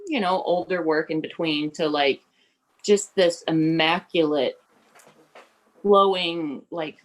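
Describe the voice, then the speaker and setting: A woman's voice: low-pitched, poor audio. A woman co-hosting a podcast, talking casually with lots of likes and fillers. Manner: relaxed, many likes and fillers. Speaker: podcast co-host, tattoo artist.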